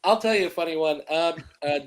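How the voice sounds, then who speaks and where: A man who makes films, chatting as a podcast guest and acting out his anecdotes with lively energy. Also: fairly high pitch, fairly quick, slight background noise. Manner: animated storyteller who acts out his anecdotes. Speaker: filmmaker guest. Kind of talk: casual podcast chat.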